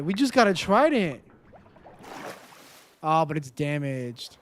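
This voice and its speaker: A streamer talks easily with viewers while playing, using a mid-range, sing-song voice at a slow pace with frequent pauses. Steps are counted aloud, and mishaps trigger loud, dismayed outbursts; a little hiss or hum sits underneath.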